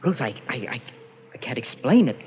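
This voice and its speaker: Haunted husband: male actor as a stammering, unstable man, animated, dull old radio sound. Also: mid-range voice, slight background noise, natural voice. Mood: troubled. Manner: halting, stammering, swinging to frantic. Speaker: lead in radio drama. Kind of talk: 1940s radio acting.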